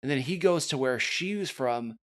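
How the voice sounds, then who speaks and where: A relaxed man in casual podcast chat, talking loosely and cursing now and then as he goes over a movie. His voice sits at an ordinary middle pitch, easygoing and unhurried. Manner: laid-back, chatty, swears casually. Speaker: podcast co-host. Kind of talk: casual chat reviewing a film.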